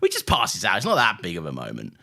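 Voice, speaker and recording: A man's voice: low-pitched, huge pitch swings, vocal fry, pushed and bright. A man co-hosting a podcast in casual chat, laughing often and defending himself in jest. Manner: laughing, mock-defensive, quick to wave things off. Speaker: podcast co-host.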